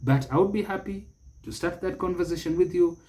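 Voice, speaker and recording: A middle-aged man hosting a spoken lesson, repeating each word slowly and deliberately for emphasis. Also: high voice, warm tone. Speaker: pronunciation teacher and show host. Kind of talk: spoken English lesson to camera.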